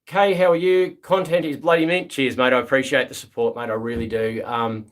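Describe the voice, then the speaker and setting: A man with an Australian accent chatting casually on a live stream. His voice is relaxed and friendly, with plenty of fillers, and he greets viewers one after another. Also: mid-range voice, brisk. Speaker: livestream host.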